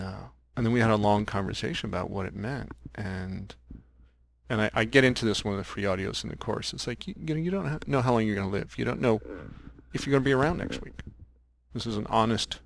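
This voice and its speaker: A podcast host with a fairly low voice and some vocal fry speaks a little fast as he relates a workshop story in a casual chat. He laughs frequently, stops to reflect, and performs the quotes he's recounting.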